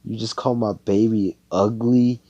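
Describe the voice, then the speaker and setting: A man's voice: fairly low pitch, fairly even intonation, moderate pace, dull audio, pitched above the performer's own voice, close to an everyday voice. A man voicing a hot-tempered, profane young male mage in a fan story. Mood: outraged. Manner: loud, brash and profane.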